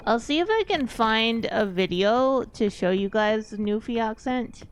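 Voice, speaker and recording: A woman from East Texas chats on her stream, drifting from point to point as she thinks aloud. Her voice sits a little high and comes through smooth and clear. She takes her time, with unhurried pauses. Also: expressive. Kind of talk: casual stream chat.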